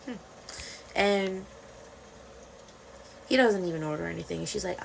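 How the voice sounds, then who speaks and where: A woman casually retelling a webtoon plot to her viewers, animated and swearing freely, acting out the characters' lines. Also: lowish voice, a little slow, gravelly, pauses often, background noise. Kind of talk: casual storytime rant.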